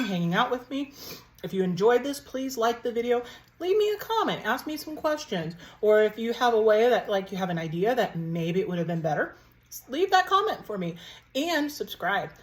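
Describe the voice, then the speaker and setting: Chatty woman cooking for viewers. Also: medium pitch. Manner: chatty, talks to viewers while cooking and tasting. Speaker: cooking vlogger. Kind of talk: casual cooking vlog.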